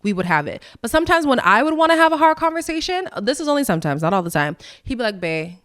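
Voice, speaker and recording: A woman hosting a podcast, chatting in a candid, sassy way with frank asides to her listeners. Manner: lively, with quick jumps in pitch. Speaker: podcast host. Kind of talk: casual recap chat.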